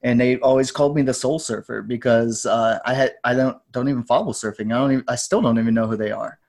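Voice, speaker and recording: A man in his forties, a podcast guest, telling stories in a loose, rambling way and jumping into lively voices when he quotes people. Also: medium pitch, fast talker, creaky. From United States. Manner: rambling, tangent-prone, animated when quoting others. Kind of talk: casual storytelling interview.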